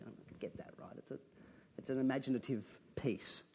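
A man's voice: lowish voice, moderate pace, creaky, darkish tone, a little hiss or hum. A man preaching a sermon, earnest and conversational, breaking from dramatic readings into plain asides to his listeners.

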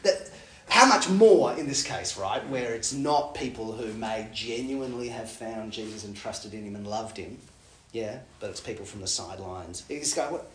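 A man giving a Bible teaching talk in a lively way, acting out quoted lines with big jumps in pitch. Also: normal speed, a little hiss or hum. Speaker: preacher. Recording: echoey room.

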